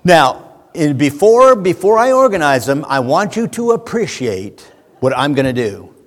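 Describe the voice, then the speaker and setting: Lively preacher guy, kinda high voice, jumps all over, big echoey church hall. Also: measured pace. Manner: animated, shouts when acting out a fan. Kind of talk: lively sermon. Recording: church hall with long reverb.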